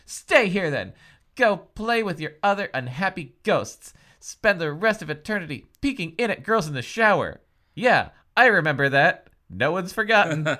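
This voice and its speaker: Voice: mid-range voice, very animated, moderate pace, pushed and bright, pitched above the performer's own voice. A podcaster voicing a brash young woman heroine from a ghost story, read aloud in an exaggerated, mocking way. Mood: scornful.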